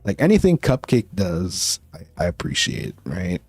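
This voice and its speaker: A man's voice: sits low, wildly swooping pitch, normal speed, vocal fry, breathy edge, no echo, faint music behind. A male VTuber chatting casually with his viewers, rambling and laughing often. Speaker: VTuber streamer.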